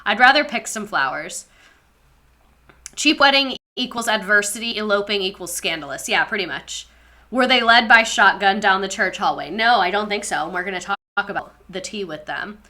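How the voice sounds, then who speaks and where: A woman's voice: medium pitch, expressive, normal speed, sharp tone. A young woman live-streaming casual commentary, sarcastic and swearing freely while reading chat aloud.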